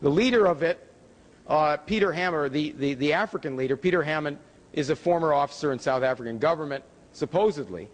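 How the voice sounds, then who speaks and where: A man giving a public lecture with slides, emphatic, with pitch rising on key words. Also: a little fast. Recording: hall reverb from a lecture room.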